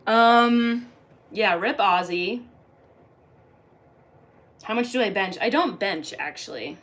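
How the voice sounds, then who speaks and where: Bright-voiced woman chatting on a live stream. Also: medium pitch, takes it slowly, pauses often, slight background noise. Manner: jokey and crude, answers viewers directly. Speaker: livestreamer reading chat. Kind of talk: casual live-stream chat.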